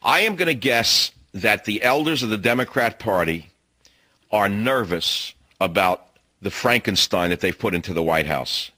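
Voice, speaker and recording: A man's voice: fairly low pitch, animated, normal speed, bright, forceful tone, no room sound. A man hosting an opinion radio talk show, delivering an emphatic monologue full of repeated phrases and rhetorical questions. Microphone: studio microphone.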